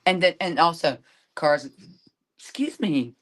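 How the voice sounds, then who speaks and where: A woman's voice: low voice, animated, unhurried. A woman hosting a podcast, venting in an irritated, casual way. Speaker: podcast host. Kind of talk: casual chat.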